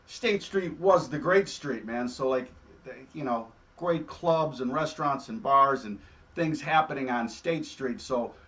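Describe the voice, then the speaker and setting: A man hosting a show, telling stories in a casual, animated way and often adding "all right?". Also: mid-range voice, a little slow, dull audio. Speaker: host. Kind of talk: casual storytelling.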